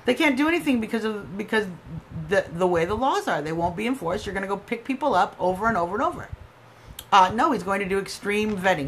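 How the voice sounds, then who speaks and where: A woman's voice: medium pitch, a bit bright, slight background noise. An American woman hosting a live political stream, arguing emphatically and answering viewer comments. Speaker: livestream host.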